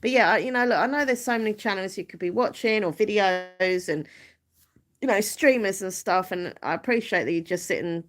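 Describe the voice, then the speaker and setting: A woman's voice: medium pitch, fairly quick. A woman with an Essex accent hosting a casual live stream, chatty, giggly and self-deprecating. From Southend-on-Sea, Essex, England.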